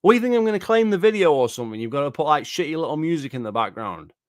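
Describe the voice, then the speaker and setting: A man's voice: on the high side, sing-song, very fast, no echo, clean studio sound. A man, a gaming YouTuber ranting angrily and profanely, repeating himself as he reacts to a video. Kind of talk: angry reaction rant.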